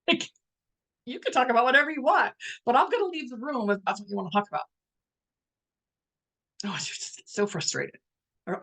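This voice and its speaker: A middle-aged woman talks in an unhurried, reflective way during a live spiritual talk. She restarts often and pauses to muse, then slips into livelier voices when she quotes family members. Her pitch sits in the middle range. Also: animated. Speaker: spiritual empath host.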